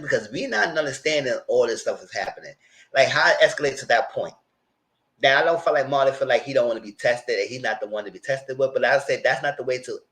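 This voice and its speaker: A man's voice: medium pitch, a bit bright. A man hosting a reality TV recap, retelling scenes in a loose, rambling way with quoted asides. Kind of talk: casual recap commentary.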